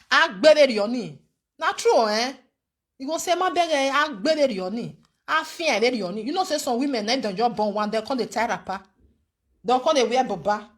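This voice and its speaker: Animated Nigerian woman lecturing viewers. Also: a little high. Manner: animated and preachy, with frequent rhetorical "eh?". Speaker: vlogger giving advice. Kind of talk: casual commentary to viewers.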